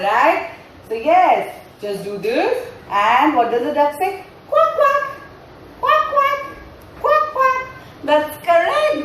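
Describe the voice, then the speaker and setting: A woman's voice: sits high, a bit bright, far from the mic, a little hiss or hum. A woman yoga trainer leading a playful class for parents and children, asking the class questions in a sing-song, storytelling way. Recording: very echoey room with faint ambience.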